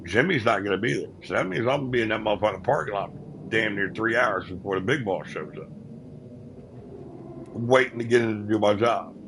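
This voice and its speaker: A man's voice: fairly low pitch, fairly quick, creaky, a little hiss or hum, rough recording. A man telling a story about his workday in a casual, blunt and profane manner. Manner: profane, blunt, animated retelling. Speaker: owner driver telling a work story.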